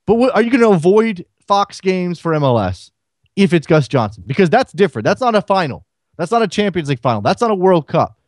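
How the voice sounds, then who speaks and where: A man's voice: high-pitched, very animated, a little fast, no room sound, studio quality. A man hosting a solo sports talk radio show, firing rhetorical questions at listeners.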